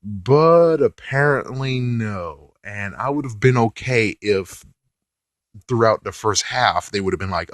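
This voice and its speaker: A man's voice: fairly low pitch, expressive, a little slow, no echo, clean studio sound. A man reviewing a TV episode in a casual rant, swearing offhandedly and laughing often.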